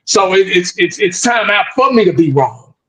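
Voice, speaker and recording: A high-pitched man rants in blunt, heated sports talk, circling back over his points and tagging "man" onto his lines. His voice comes over a video call and rings out in an echoey room. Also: moderate pace. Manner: blunt, repetitive, animated ranting with frequent "man".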